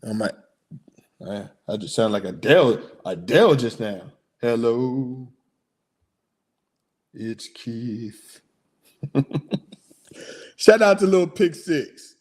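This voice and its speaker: A man hosting a casual sports talk livestream, slangy and excitable, rambling about his picks. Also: mid-range voice, moderate pace, breathy edge. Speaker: sports podcast host.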